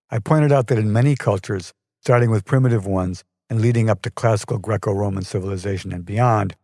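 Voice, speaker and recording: Low-voiced male storyteller. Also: a little mellow, dry recording, clean studio sound. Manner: measured, wry storytelling. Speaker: storyteller podcast host. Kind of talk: scripted personal story narration.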